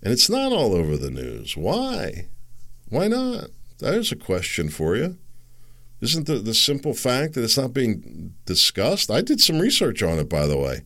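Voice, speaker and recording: Middle-aged male podcast host, solo casual monologue, rambling and wry, pitch leaps around a lot. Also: huge pitch swings, a little slow, fairly bright tone. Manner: rambling, wry, chuckles at his own jokes.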